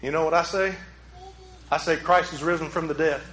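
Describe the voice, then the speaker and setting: A man preaching a sermon as a pastor, swinging from loud urgent peaks to hushed low passages. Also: fairly even intonation, a little fast, echoey room, poor audio.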